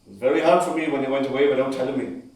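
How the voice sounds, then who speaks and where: A man's voice: mid-range voice, racing, a little mellow, natural voice. A man plays a bitter, heartbroken grown son in an amateur stage drama, speaking in an impassioned voice that rises to pleading. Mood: anguished. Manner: impassioned, rising to pleading outbursts. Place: stage in a large hall. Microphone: far camera microphone. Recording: echoey hall from far off.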